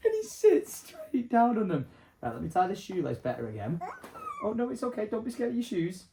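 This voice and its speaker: Chatty man, lively pitch. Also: normal speed, long pauses, noisy background. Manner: chatty, excitable, cheers loudly at his toddler. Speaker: vlogger. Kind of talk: casual vlog narration.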